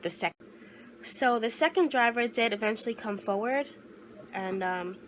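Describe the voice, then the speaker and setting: Young woman, halting and near tears. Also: fairly high pitch, noisy background. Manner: earnest, halting, restarts often. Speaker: vlogger. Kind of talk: personal confessional storytelling.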